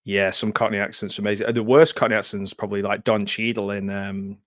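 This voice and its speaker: A man's voice: lowish voice, flat delivery, quick pace, a bit bright, no echo, studio quality. A man hosting a casual live film commentary from home, chatty and often laughing. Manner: chatty, laughs often, loose aside-filled talk. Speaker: host.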